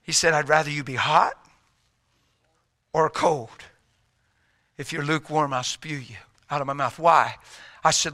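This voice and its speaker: Middle-aged male pastor, sharp bright tone, slightly high; folksy sermon, loud urgent pushes and hushed quiet stretches. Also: steady tone, moderate pace, long pauses. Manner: swings between loud urgent exhortation and quiet intimate hush; folksy, plain-spoken preaching.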